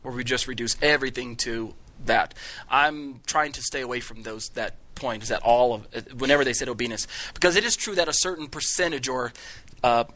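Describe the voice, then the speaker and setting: A man's voice: medium pitch, a little fast, pushed and bright. A man teaching a Bible study class to a live group, chatty and joking, with frequent restarts. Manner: conversational, jokey, with many restarts. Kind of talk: classroom lecture.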